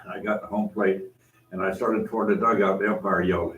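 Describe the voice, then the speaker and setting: A man's voice: sits low, little pitch movement, quick pace, fairly bright tone. A man in his eighties chatting in a gym, telling rambling stories with lots of restarts. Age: 80s. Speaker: guest. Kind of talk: casual chat, storytelling. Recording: roomy, distant from the mic.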